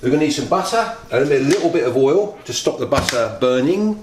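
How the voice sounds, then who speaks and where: A chatty man with an animated, medium-pitched voice hosts a casual home cooking demonstration, talking a little fast and directly to his viewers as his talk wanders while he cooks. His voice rings around an echoey kitchen, with pans and cutlery clattering behind him and a little hiss or hum.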